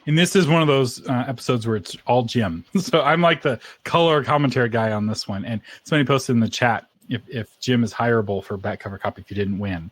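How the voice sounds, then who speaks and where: A man's voice: medium pitch, fast, hardly any pauses, no echo. A man co-hosting a live podcast episode, chatting casually and laughing often. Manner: chatty, laughs often, eats ice cream on air. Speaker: podcast co-host.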